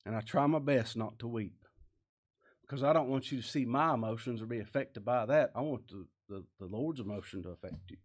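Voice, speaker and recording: A man's voice: medium pitch, fairly quick. A man preaching a sermon, earnest and emphatic, with many rhetorical questions.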